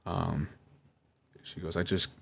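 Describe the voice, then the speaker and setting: A young man with a very low voice talks his way through a nervous, rambling monologue. He keeps circling back, stumbling over restarts and fillers, and apologizing again and again. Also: flat delivery, slow, gravelly, a bit bright, a little hiss or hum. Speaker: video creator reading out chats.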